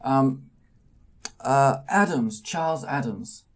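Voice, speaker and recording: A man's voice: medium pitch, animated, slow, pitched above the performer's own voice. A man voicing a small, fussy older male publisher, polite and easily flustered. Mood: courteous. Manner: fluttery, surprised and courteous.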